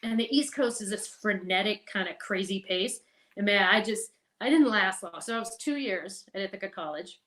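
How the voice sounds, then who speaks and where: Middle-aged woman guest, chatty storyteller, medium pitch, loose and animated. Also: normal speed. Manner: chatty, animated, laughs and swears. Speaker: podcast guest. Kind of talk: casual storytelling.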